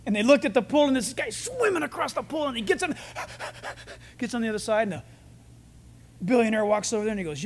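A man's voice: sits high, quick pace, a little mellow. A male pastor giving a sermon, telling stories and jokes in a conversational way.

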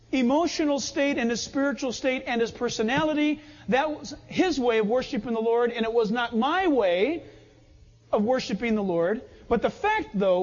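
A man preaching a sermon as a pastor, telling personal stories in an animated way and often laughing. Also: extremely high pitch, long reverb tail, dull audio.

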